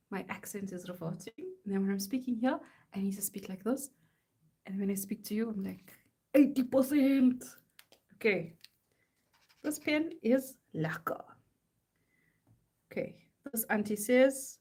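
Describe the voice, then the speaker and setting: A woman's voice: mid-range voice, a little fast, warm tone, slightly rough. A woman, chatting casually while she works on art. She reads silly slogans aloud in a playful, mock-serious chant. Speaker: artist live-streaming.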